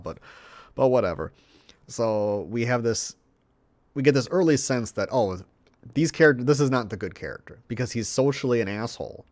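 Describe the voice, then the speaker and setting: A man's voice: lowish voice, no room sound. A man giving a rambling, profane, sarcastic film review, now and then mocking the characters in put-on voices. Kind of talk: casual profane movie review.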